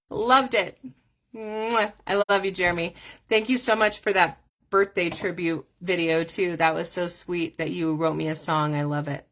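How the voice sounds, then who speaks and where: Female host, casual chat to viewers, animated and profane, voice a bit low. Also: measured pace. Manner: animated, profane, laughing easily. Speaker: vlogger.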